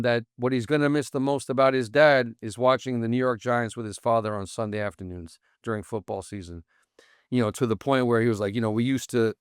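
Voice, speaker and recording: A man's voice: mid-range voice, clear, resonant tone, dry recording. Earnest man telling a story, dry sound. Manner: earnest, retells talks with friends in quick back-and-forth. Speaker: startup founder, podcast guest. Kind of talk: storytelling in a podcast interview.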